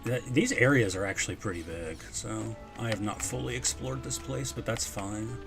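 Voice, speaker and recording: A man's voice: fairly low pitch, normal speed, gravelly. A man giving casual, chatty commentary on a video game, talking to his viewers. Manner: excitable, chatty, talks to viewers. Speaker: streamer. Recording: game music behind a live stream.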